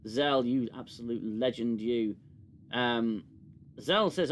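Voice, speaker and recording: A man's voice: mid-range voice, unhurried, a little hiss or hum. A man hosting a casual review livestream, sarcastic and rambling with many fillers. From United Kingdom. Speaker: show host.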